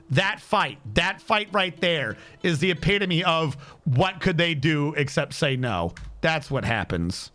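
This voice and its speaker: A man streaming a game with casual commentary, animated and exasperated, swearing freely and talking to chat. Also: high-pitched, normal speed, faint music behind.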